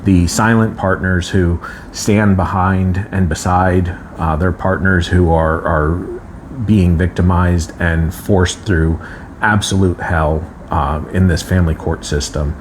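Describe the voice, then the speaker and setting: A man co-hosting a live stream, earnest and halting, with many restarts. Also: deep voice, steady tone, a little hiss or hum. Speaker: co-host.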